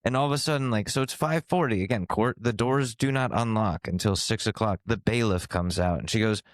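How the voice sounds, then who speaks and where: Young guy on a podcast, lowish voice, swears a lot, laughs mid-story, dry close sound. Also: fairly quick, no room sound. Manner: animated, swearing, laughing through his story. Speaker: podcast co-host. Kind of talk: casual storytelling chat.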